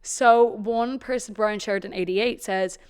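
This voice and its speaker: A woman's voice: mid-range voice, steady tone, measured pace, clean tone. A young Irish woman co-hosting a podcast, chatting casually, gossiping and swearing freely. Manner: gossipy, swears freely, reads tweets aloud. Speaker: podcast co-host. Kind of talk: casual chat.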